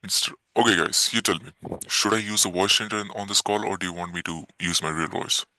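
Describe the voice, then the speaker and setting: A man's voice: low-pitched, a little fast, bright, forceful tone, rough recording. A man talking to his group through a voice changer, laughing and self-conscious about it.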